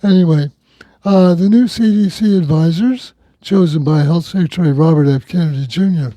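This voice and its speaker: A man's voice: a little high, moderate pace, mellow, dry recording. A man hosting a local talk radio show, reading news items in a conversational, wry way.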